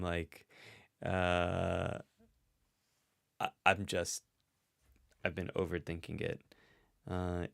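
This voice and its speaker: A man's voice: sits low, vocal fry, bright, forceful tone, no echo, studio quality. A man hosting a casual livestream, thinking aloud and reading out chat comments. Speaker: host and psychologist. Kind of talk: casual livestream guessing game.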